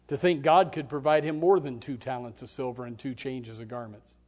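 Dramatic preacher swinging hushed to loud. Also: male voice, mid-range voice, fairly even intonation, fairly quick. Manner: dramatic, swings from hushed to shouting, acts out voices. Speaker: pastor. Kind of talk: sermon.

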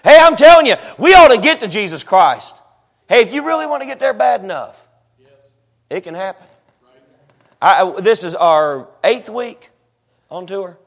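A middle-aged man preaching as a traveling evangelist, telling stories in a folksy way with joking asides and frequent amens, and rising to shouts at times. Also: high-pitched, big pitch swings, normal speed, long pauses. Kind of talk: sermon with storytelling.

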